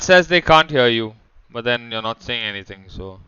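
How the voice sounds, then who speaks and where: A man casting a live esports match, excitable and quick to exclaim at big plays, talking into a headset. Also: mid-range voice, clear, resonant tone, no echo, lo-fi sound. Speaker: esports caster.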